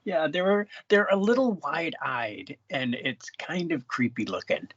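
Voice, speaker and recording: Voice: mid-range voice, lively intonation, measured pace, breathy edge, dry recording, muffled recording. A podcast co-host chatting casually about a movie, laughing often and stumbling through restarts. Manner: hesitant, laughing, trails off in restarts. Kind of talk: casual movie-review chat.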